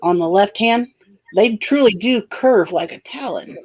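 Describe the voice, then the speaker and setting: A woman chatting casually on a livestream, relaxed and rambling with some teasing. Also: mid-range voice, measured pace. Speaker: guest on a livestream. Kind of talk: casual chat.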